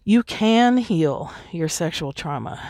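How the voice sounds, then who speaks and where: A woman's voice: on the low side, expressive, takes it slowly, darkish tone, no room sound, clean studio sound. A woman hosting a podcast, talking alone in a frank, chatty way and laughing easily. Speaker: podcast host. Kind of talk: candid solo podcast monologue.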